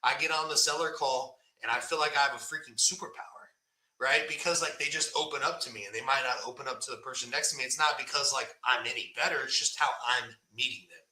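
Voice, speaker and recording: A straight-talking man hosts a live podcast session in a loose coaching manner. His voice is very bright and forceful. It rings around a roomy, echoey space. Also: medium pitch. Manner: blunt, fast, animated, says "right?" often. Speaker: podcast host. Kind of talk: casual live-stream coaching talk. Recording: echoey room.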